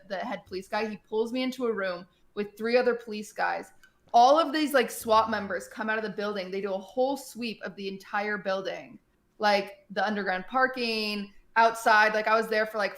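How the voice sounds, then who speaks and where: A woman streamer in casual chat, telling a story in an animated way, full of fillers and acted-out quotes. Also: medium pitch, moderate pace.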